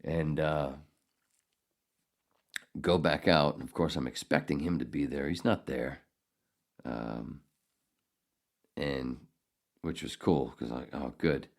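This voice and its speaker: A man's voice: very deep voice, slow pace, creaky, long pauses. An older man hosting a podcast, telling a rambling, profane story in a casual, ranting way. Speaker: podcast host.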